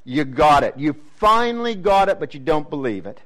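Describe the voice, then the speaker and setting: A fairly high-voiced man preaching a sermon. He repeats key words for effect, fires rhetorical questions at his listeners, and swings between excited emphasis and quiet, dropped tones. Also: brisk, few pauses. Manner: repetitive, rhetorical questions to the congregation.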